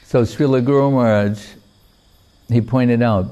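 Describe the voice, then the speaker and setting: A man giving a devotional talk, retelling a sacred story in a measured, unhurried way with pauses. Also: mid-range voice, mellow. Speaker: spiritual teacher.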